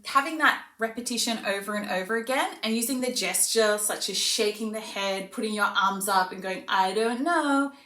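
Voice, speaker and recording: A woman's voice: medium pitch, brisk, hardly any pauses, bright, forceful tone, distant mic. A woman speech pathologist, explaining tips to parents in a friendly way. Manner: friendly explaining, switches to sing-song play voice for demos. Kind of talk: parent tips video with demonstrations. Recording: echoey room, voice a bit off-mic.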